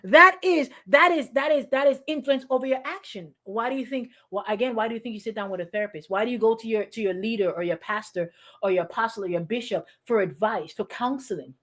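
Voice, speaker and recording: A woman pastor giving a lively, conversational sermon, calling on congregants by name and often restarting her sentences. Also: fairly high pitch, fast talker. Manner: animated, lively, acts out quoted voices, addresses congregants by name; frequent restarts and repetitions.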